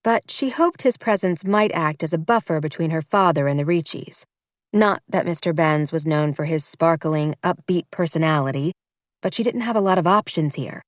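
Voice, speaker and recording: A woman narrating a romance audiobook in a measured, wry storytelling manner. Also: deep voice, dry recording.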